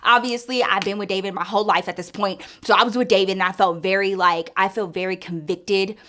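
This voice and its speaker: A young adult woman telling a story in a casual vlog, animated and swearing, acting out the voices of the people in it. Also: medium pitch, a little fast.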